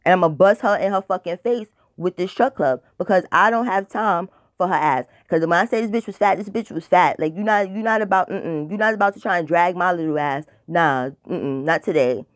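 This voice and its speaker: A woman's voice: on the low side, a little fast, hardly any pauses, dry recording, clean studio sound. Blunt profane woman telling a story. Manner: rambling with filler words. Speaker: storytime vlogger. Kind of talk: casual storytelling.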